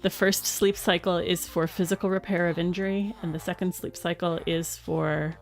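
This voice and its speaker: A woman's voice: lowish voice, steady tone, normal speed. A woman streaming a survival game, chatting casually, explaining facts with ums and easy laughs. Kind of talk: casual chat while gaming. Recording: faint music behind.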